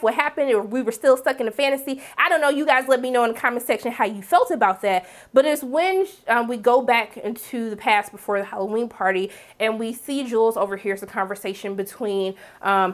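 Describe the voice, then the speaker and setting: A young woman giving a chatty, animated spoken review of a TV episode, with lively asides. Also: fairly high pitch. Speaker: TV recap reviewer.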